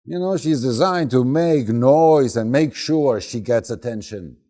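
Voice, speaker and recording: A man's voice: mid-range voice, animated, a little slow, warm tone. A man teaching, telling a personal story in an informal, storytelling way. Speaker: Human Design teacher. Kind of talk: talk to a group.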